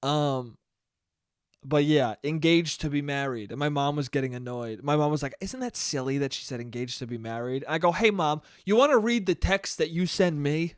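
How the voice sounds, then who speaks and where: Speaking at normal speed with a clean tone, this young podcast host rants on his own show, cursing freely and mimicking his relatives in shrill, mocking voices. It's studio-quality audio with no room sound.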